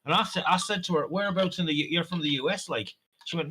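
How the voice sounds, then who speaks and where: A man's voice: fairly high pitch, fast, sharp tone, slightly rough, low-quality recording. An Irish man ranting on a livestream, swearing freely and telling stories from his own life. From west of Ireland. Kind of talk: casual political chat on a livestream.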